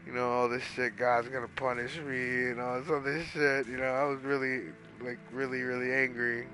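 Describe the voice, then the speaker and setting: A man's voice: mid-range voice, flat delivery, moderate pace, pushed and bright, soft background music, poor audio. A man casually telling a long story while playing a video game, rambling with lots of swearing and fillers. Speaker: gaming streamer.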